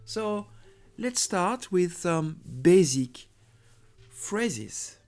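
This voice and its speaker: A man with a French accent, a native French speaker, teaching a language lesson slowly and carefully, often pausing and repeating French words. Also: high voice, very animated, darkish tone.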